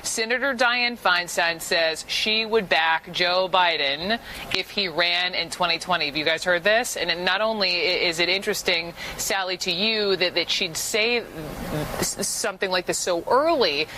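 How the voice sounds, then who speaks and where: A woman with a bright, forceful tone who hosts a TV news panel and briskly puts questions to the guests. Faint noise runs under the clip. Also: lowish voice, poor audio. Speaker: TV news anchor.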